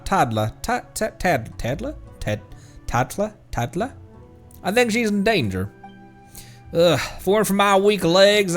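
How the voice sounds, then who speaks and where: A man's voice: high-pitched, fairly bright tone, voice pushed up. Man playing an anxious, weak-legged falcon keeper pleading for help. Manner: earnest, worried pleading.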